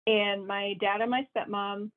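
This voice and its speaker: A young woman from Wisconsin talks as a guest in a loose, chatty way, often laughing and leaning on fillers. Her voice sits at a middle pitch. It comes through a thin, tinny line that sounds like a phone call. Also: little pitch movement, a little slow. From Wisconsin, USA. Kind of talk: casual storytelling.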